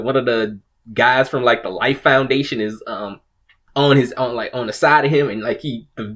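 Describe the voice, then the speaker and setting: A man hosting a casual commentary video, rambling and swearing, with frequent restarts and laughs. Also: fairly high pitch. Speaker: video host.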